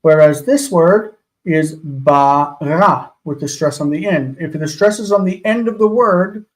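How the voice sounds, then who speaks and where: A man's voice: high voice, normal speed, darkish tone, poor audio. A man teaching a live class, patiently sounding out words syllable by syllable. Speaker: Hebrew teacher.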